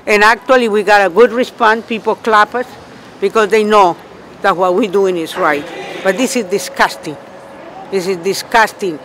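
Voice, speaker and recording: High-voiced indignant man on the street. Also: moderate pace, slight background noise. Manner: indignant, repeats himself, quotes himself loudly. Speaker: union member protester. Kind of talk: agitated street interview.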